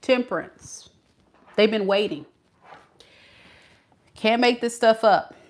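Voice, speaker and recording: Speaking slowly in a slightly high voice, a woman reads tarot for her viewers. She's sassy and playful, addressing them directly with slang.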